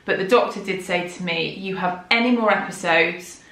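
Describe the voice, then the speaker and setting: A woman's voice: on the low side, normal speed, fairly bright tone. A heavily pregnant woman, candidly talking a vlog audience through her worries in a rambling, chatty way. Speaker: vlogger. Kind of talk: chatty personal storytelling. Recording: roomy echo.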